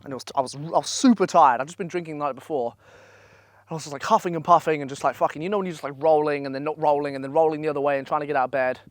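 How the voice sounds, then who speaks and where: A young man gives blunt, profane, energetic motivational advice in a casual vlog, speaking at a holiday villa. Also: a little high, very fast, few pauses, dry recording, clean studio sound. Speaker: online business coach.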